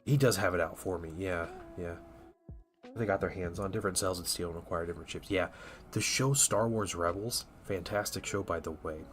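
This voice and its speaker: A man's voice: low voice, brisk, soft background music. A man live-streaming from his home hobby room, rambling casually to his chat viewers while painting miniatures. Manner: rambling and chatty, full of "like" and restarts.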